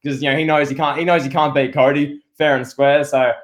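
A man co-hosting a casual wrestling podcast, talking in a rambling, excitable way with lots of restarts. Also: a little high, brisk. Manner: rambling, excitable, full of restarts and playful impressions. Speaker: podcast co-host.

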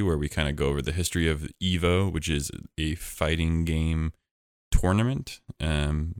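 A man's voice: a bass voice, no echo, clean studio sound. A man hosting a podcast, chatting casually in a rambling, jokey way with lots of fillers. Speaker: podcast host.

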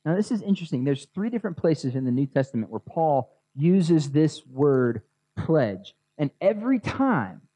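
A man's voice: a little high, very animated, normal speed, dark tone, dry recording. A man preaching a sermon in a casual, conversational way, guiding his listeners to imagine scenes. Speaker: pastor. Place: outdoors near a grassy area with children. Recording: dull lo-fi sound.

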